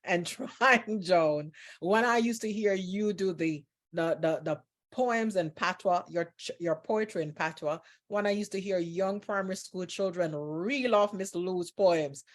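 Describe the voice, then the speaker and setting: A woman's voice: on the low side, a little slow, few pauses. Earnest woman interview host. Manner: earnest, admiring, repeats phrases for emphasis.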